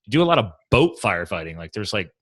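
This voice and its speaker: Fast-talking laid-back man host. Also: fairly low pitch, big pitch swings, a bit bright, no echo. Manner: rambling, jokey, laughs often. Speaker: podcast host. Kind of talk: casual conversational interview.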